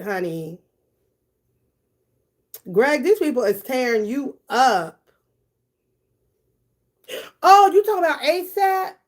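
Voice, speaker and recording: Brief: woman live-stream host, blunt and gossipy, swears freely, laughs a lot, a bit high-voiced, unhurried delivery. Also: big pitch swings. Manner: talks directly to her viewers. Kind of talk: casual live-stream commentary.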